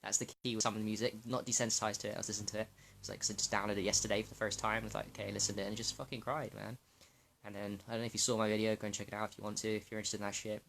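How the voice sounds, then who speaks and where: Man, young adult, rapid speech, loose profane vlog chatter, lots of restarts. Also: fairly low pitch, flat delivery, gravelly, a bit bright, a little hiss or hum. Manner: loose, profane and rambling, with many restarts and fillers. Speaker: health vlogger. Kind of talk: casual rambling monologue to camera.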